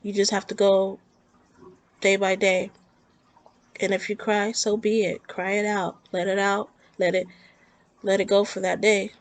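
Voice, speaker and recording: A woman's voice: mid-range voice, level tone, a little slow, long pauses, dry recording. A woman talking earnestly and emotionally in a rambling, heartfelt vlog about her own grief. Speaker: vlogger. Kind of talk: personal talk to camera about grief.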